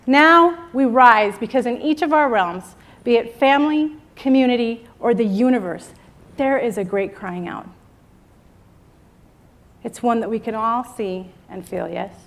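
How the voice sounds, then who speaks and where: A middle-aged woman delivers a stirring motivational talk from a stage, her voice a touch higher than most. She works the crowd with call-and-response, pausing for them to answer back. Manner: rousing, call-and-response with the audience. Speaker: keynote speaker. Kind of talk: motivational speech. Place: event stage before a live audience.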